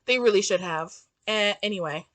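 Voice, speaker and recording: A young woman at home giving a profane, exasperated, ranty book review in a casual, animated way. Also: mid-range voice, moderate pace.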